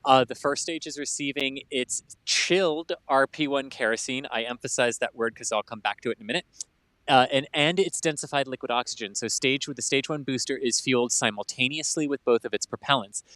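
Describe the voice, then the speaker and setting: A man's voice: medium pitch, fairly quick, a bit bright, dry recording. A man giving methodical, explanatory technical commentary on a rocket launch.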